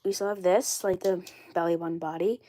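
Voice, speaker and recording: A woman's voice: fairly low pitch, fairly even intonation, fairly quick, mellow, no room sound. A woman with a cold, sounding congested, chatting casually on a live stream and rambling with lots of fillers and repeats. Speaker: doll collector vlogger.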